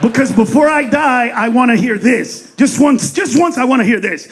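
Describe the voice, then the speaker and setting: A man doing stand-up comedy on stage into a handheld mic, loud, profane and punchy. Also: extremely high pitch, animated, normal speed, a little hiss or hum.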